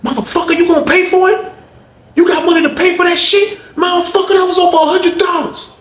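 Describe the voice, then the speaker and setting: A man shouting as a raging hot-tempered inmate. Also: very high-pitched, fairly even intonation, fast, voice pushed up. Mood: furious. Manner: screaming profane rant. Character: furious heavyset male inmate, hot-tempered. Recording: echoey room.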